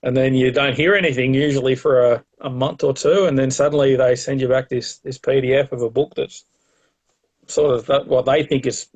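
A man's voice: mid-range voice, steady tone, normal speed, muffled recording. A middle-aged Australian man, a herpetologist and author, speaking as an interview guest in a rambling, casual way with many fillers and restarts.

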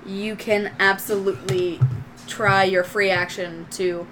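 Slow-talking woman running a tabletop game. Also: medium pitch, little pitch movement, background noise. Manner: descriptive, loose narration with fillers. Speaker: game master.

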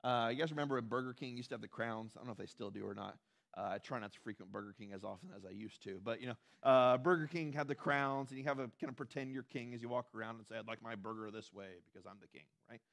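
A man's voice: mid-range voice, fast, gravelly, fairly bright tone. A man preaching a sermon in a conversational way, with asides to the congregation and acted-out quotes. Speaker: pastor.

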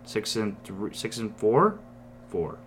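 A man's voice: lowish voice, takes it slowly, slight background noise. A young man co-hosting a casual podcast, chatting loosely and tallying scores with frequent restarts. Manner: relaxed, restarts words, tallies scores aloud. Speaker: podcast co-host running the draft.

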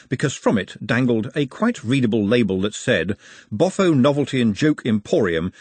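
Husky guy reading a novel aloud, wry, voice goes up and down a lot, dead dry. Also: mid-range voice, dry recording. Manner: expressive, wry. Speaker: audiobook narrator. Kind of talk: scripted narration.

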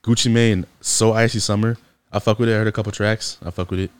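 A man with a deep voice recorded in a dry, close sound. He talks blunt and slangy on a casual podcast, teasing his co-hosts. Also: steady tone, fast, smooth, no room sound. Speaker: podcast co-host.

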